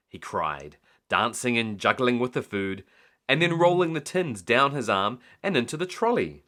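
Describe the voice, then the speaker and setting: A man reading a bedtime story aloud in an expressive, animated way. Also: medium pitch, normal speed. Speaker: storyteller dad.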